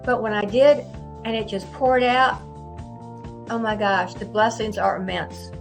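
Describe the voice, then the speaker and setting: A woman's voice: medium pitch, unhurried, gravelly, faint music behind. A woman speaking earnestly and emphatically to camera from a seated indoor setup, repeating her key phrases. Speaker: spiritual speaker. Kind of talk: inspirational talk to camera. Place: indoors, seated in a lit room. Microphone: microphone at a camera setup.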